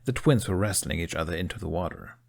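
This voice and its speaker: A man narrating a fan fiction audiobook. His low voice carries the story with expressive, steady storytelling. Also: fast talker, vocal fry.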